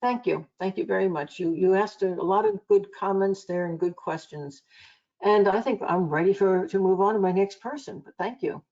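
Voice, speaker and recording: A woman's voice: mid-range voice, moderate pace, mellow, muffled recording. A woman hosting a live online psychic reading show, talking in a chatty, rambling way with many restarts. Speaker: psychic reader and show host.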